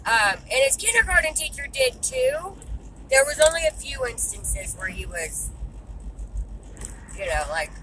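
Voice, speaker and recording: A frustrated woman vents straight to camera, cursing without a filter. Her voice sits a little high. Steady traffic and outdoor noise carry clearly behind her, as if she is recording in or beside a car. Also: a little slow, pauses often. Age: 30s. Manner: blunt, swears freely, exasperated. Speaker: vlogger and mother. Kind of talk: venting to camera.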